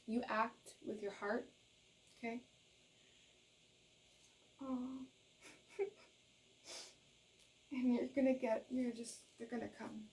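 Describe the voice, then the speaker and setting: A woman's voice: on the high side, steady tone, measured pace, long pauses, darkish tone, far from the mic, poor audio. Earnest woman tarot reader, slightly off-mic. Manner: earnest, reassuring, often adds "okay?"; gushes with emotion. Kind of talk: tarot reading to camera.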